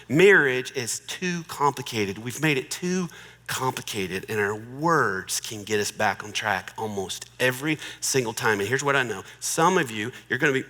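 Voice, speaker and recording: A man's voice: medium pitch, in a large hall. A middle-aged man giving a humorous marriage talk in a joking, conversational way. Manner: joking, conversational, warmly persuasive. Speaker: marriage speaker.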